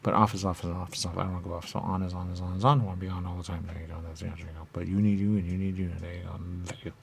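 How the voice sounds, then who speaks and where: A man playing a radio host rambles through a silly comic monologue, posing his own questions and answering them in repetitive loops. His voice sits low with little pitch movement and a gravelly texture, and he talks very fast. A faint hiss or hum runs underneath.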